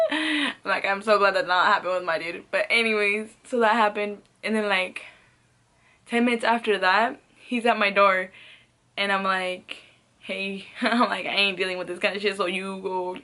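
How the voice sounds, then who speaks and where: A young woman vlogger tells a rambling, profane storytime, sprinkling in "like" constantly and laughing between phrases. Her medium-pitched voice has lively intonation and a sharp tone, moving at a measured pace with long pauses.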